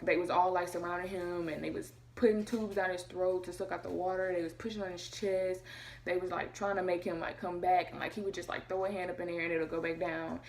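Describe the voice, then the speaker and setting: Fast-talking young woman vlogger, lowish voice. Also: gravelly. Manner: fast, emotional retelling, acting out quotes. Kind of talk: casual storytelling to camera.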